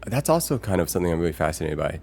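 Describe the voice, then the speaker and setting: A man's voice: sits low, sing-song, racing, gravelly, darkish tone, slight background noise. A man live streaming in a casual chat with viewers. He rambles and thinks aloud with many fillers, reading out chat messages and greeting viewers as they arrive.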